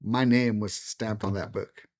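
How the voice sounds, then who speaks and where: A middle-aged man, a pastor, giving a personal testimony in conversation, earnest and emotional, dropping to a hush on painful moments. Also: lowish voice, fairly even intonation, unhurried. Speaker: pastor and podcast guest.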